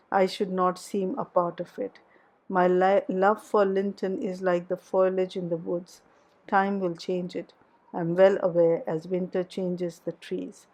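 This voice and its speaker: A headstrong young woman in love pours out her heart in an audiobook of a classic novel, as a woman reader voices her. Her voice sits low and stays fairly flat, with a warm, mellow tone. The delivery is earnest and impassioned, like a confession. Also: low-quality recording.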